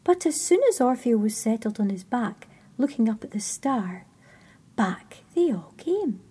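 A woman telling a story in a soft, hushed whisper. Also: fairly high pitch, very animated, a little slow, husky.

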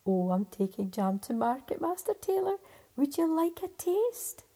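A woman's voice: sits high, very animated, a little slow, mellow, voice pushed up, full character voice. A woman storyteller voicing a friendly country farmer's wife offering a taste of jam.

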